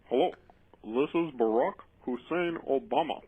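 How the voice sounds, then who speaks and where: Man doing a formal presidential voice, husky, on a tinny phone call. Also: medium pitch, normal speed, dry recording, lightly acted. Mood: calm, formal. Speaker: prank caller.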